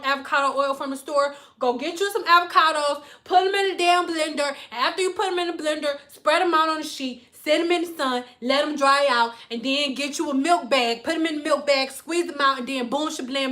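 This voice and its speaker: A woman hairstylist ranting on a casual livestream, blunt and profane as she tells stories. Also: high voice. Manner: blunt, profane, animated storytelling.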